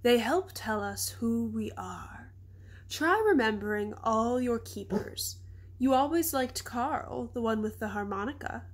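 A woman voicing a wise, patient old female elephant who speaks slowly and soothingly. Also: on the high side, animated. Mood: gentle. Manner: slow, soft and soothing.

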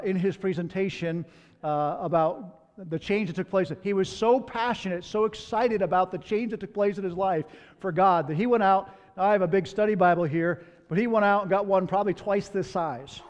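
A man's voice: sits high, in a large hall. A man preaching a sermon as pastor. He tells stories in a conversational way, with candid asides.

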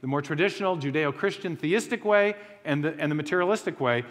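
A man's voice: a little high, fast talker. Man lecturing in a reverberant hall. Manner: conversational, with joking asides and frequent restarts. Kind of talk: lecture to a live audience.

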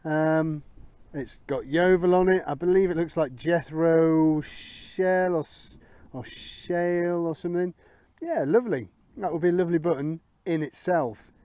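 Chatty man, slightly high voice. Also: measured pace, warm tone, no echo. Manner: chatty, talks to viewers, thinks aloud. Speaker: metal detecting vlogger. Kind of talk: casual commentary while detecting.

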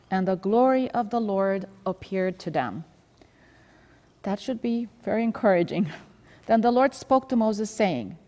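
A woman's voice: medium pitch, a little mellow, long reverb tail. A woman leading a Sabbath School Bible study in a conversational way, reading scripture aloud and explaining it. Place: church.

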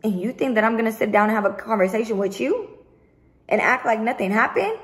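A woman's voice: fairly high pitch, fairly quick, fairly bright tone. Woman venting in a profane rant. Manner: profane, emphatic, repetitive venting. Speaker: vlogger. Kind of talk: heated storytime rant to camera.

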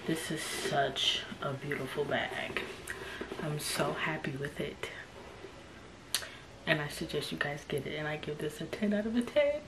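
A woman's voice: deep voice, unhurried, noisy background. A woman gushing over a new bag during an unboxing vlog, often dropping into a whisper, recorded in a room at home. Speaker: unboxing vlogger. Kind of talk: excited unboxing chat. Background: kids playing outside.

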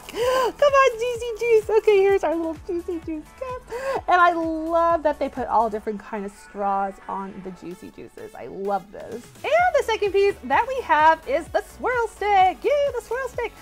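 A woman hosting a toy unboxing vlog, gushing and squealing with excitement, talking to viewers as "you guys". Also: high-pitched, a little slow, soft background music.

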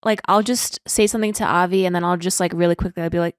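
A woman's voice: on the low side, steady tone, fast, no room sound, clean studio sound. A woman co-hosting a podcast, telling a cheeky story in casual chat. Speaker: podcast co-host.

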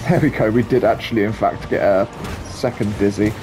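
A man's voice: lowish voice, steady tone, a little fast, music in the background. A young man giving casual, rambling gameplay commentary as a channel host, hesitant and full of ums.

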